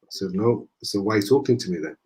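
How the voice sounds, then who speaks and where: Northern English man telling lively stories. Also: lowish voice, rapid-fire. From northern England. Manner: lively anecdotes, acting out the dialogue. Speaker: guest. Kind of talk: casual storytelling in conversation.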